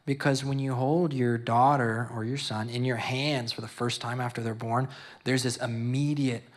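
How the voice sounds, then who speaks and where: A young man shares his testimony at a youth service. His pitch sits mid-range, and he keeps stopping, repeating words and drifting into preaching. His speech is personal and full of feeling. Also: steady tone, moderate pace. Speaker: father giving testimony.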